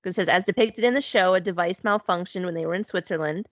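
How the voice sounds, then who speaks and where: A woman's voice: fairly low pitch, no echo. Agreeable woman co-host, casual chat. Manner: agreeable, reads quotes aloud, quick back-channel replies. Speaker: podcast co-host.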